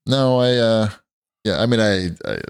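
A man co-hosting a casual gaming podcast, deadpan, tossing out crude jokes. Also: on the low side, measured pace, vocal fry, clean tone, no room sound, studio quality. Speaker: podcast co-host. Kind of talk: casual chat.

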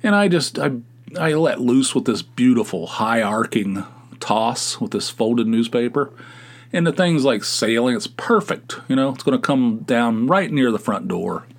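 A middle-aged man from West Virginia, a podcast host, telling rambling, animated stories with chuckles in a casual style. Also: mid-range voice, unhurried, vocal fry. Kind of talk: casual anecdotal storytelling.

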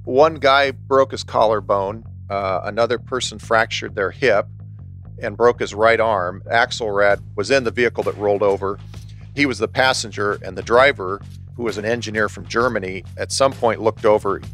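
A man being interviewed, telling a story in a relaxed way with many restarts and chuckles. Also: on the low side, normal speed, soft background music. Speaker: author and historian interviewed.

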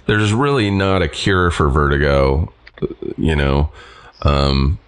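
Very deep-voiced man chatting casually. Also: slow pace, smooth. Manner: laid-back, swears casually. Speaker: podcast co-host. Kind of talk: casual chat.

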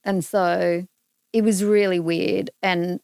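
Here the same kind of speaker, a middle-aged Australian podcast guest, sounds lower and creaky yet clean-toned, taking her time. She animatedly plays out the dialogue of her personal story in relaxed conversation, recorded dry with studio quality.

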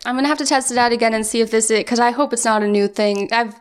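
A young woman in her twenties with a high, light voice co-hosts a podcast. She chats casually and giggles often between her sentences. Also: racing, smooth. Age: 20s. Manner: giggly, chatty. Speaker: podcast co-host. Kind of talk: casual chat.

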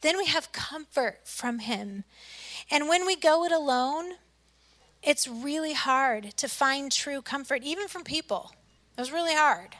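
A middle-aged woman pastor preaching a sermon, telling a personal story earnestly, swinging between loud emphasis and soft, hushed lines. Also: sits high, lively intonation, a little slow.

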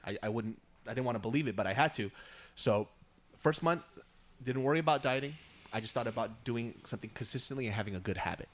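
Casual male podcast guest: loud, profane, laughs through his stories, medium pitch. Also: fast talker. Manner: profane, laughs often, animated. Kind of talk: casual storytelling.

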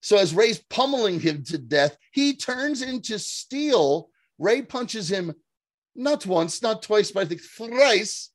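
A man's voice: high voice, dry recording. Dry-sounding man recapping an episode animatedly. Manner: animated, profane, laughing, slips into quick voiced impressions. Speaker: podcast co-host. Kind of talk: casual episode recap chat.

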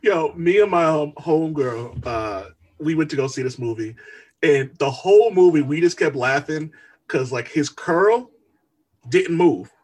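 A man's voice: on the high side, animated, unhurried, darkish tone, husky. A man co-hosting a podcast in casual chat, laid-back and laughing often. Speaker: podcast co-host.

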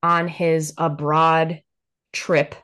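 A woman's voice: sits low, flat delivery, extremely slow, fairly bright tone, smooth. A woman in her forties, a podcast guest, telling her personal story bluntly and candidly, with swearing and frequent laughter. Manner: blunt, profane, laughs often.

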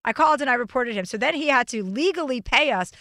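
A woman's voice: high-pitched, animated, fast talker, pushed and bright, no echo, studio quality. Blunt joking woman podcast host. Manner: blunt, joking, self-deprecating. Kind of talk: casual chat.

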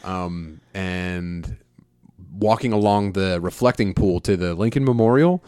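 A man in his thirties chats loosely on a podcast, rambling and swearing freely. His voice sits a little low. It is recorded close and dry, with no room sound. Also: darkish tone, clean tone, dry recording. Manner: profane, rambling, quick bursts of laughter. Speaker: podcast co-host. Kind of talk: casual chat.

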